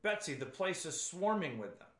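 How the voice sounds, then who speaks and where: A man's voice: a little high, big pitch swings, normal speed, fairly bright tone, pitched above the performer's own voice. A man reading aloud the lines of a frightened, doubting young woman prisoner in an echoey room. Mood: distressed. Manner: read aloud in plain storytelling voice.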